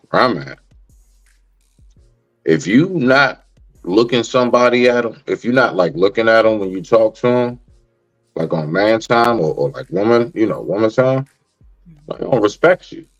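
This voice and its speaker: A man's voice: lowish voice, animated, a little slow, long pauses, faint music behind. A man on a casual podcast, questioning other hosts and laying out his own view. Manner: incredulous, questioning, then explaining. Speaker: podcast co-host.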